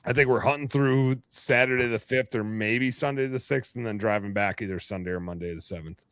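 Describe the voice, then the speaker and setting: A man's voice: mid-range voice, brisk, fairly bright tone, clean tone, dry recording, clean studio sound. A man hosting a podcast, chatting casually and joking around, cursing freely. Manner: loose, joking, swears freely. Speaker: podcast host. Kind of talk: casual chat.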